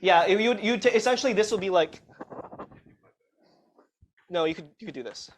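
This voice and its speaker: A man's voice: high-pitched, normal speed, slight background noise. A man teaching a live university class in a casual, self-mocking way, often checking in with the students. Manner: casual, self-mocking, tags sentences with "okay?". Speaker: university lecturer. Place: lecture hall.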